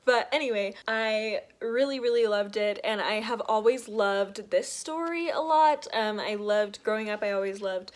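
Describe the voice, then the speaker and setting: A woman's voice: mid-range voice, moderate pace, few pauses. A young woman talking casually to camera as a book vlogger, chatty and enthusiastic.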